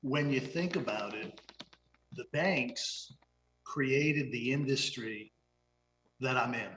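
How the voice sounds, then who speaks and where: A man's voice: mid-range voice, slow, long pauses, fairly bright tone, a little hiss or hum. A middle-aged man, a guest in the mortgage business, who explains his work and acts out talks with his clients. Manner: storytelling, acts out dialogues with clients. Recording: roomy echo.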